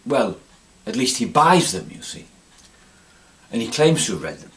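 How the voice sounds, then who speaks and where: A man's voice: mid-range voice, big pitch swings, normal speed, a bit bright. A middle-aged man from England delivering a rambling, pompous comic monologue, forever adding "you see". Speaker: comedic monologue performer.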